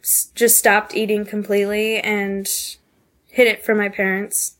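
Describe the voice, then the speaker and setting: A young woman from the southeastern United States speaks as a podcast guest, recounting her own life candidly. Her voice sits at an ordinary middle pitch, and her talk is earnest and halting, full of small pauses and "um"s. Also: little pitch movement. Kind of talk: candid personal storytelling.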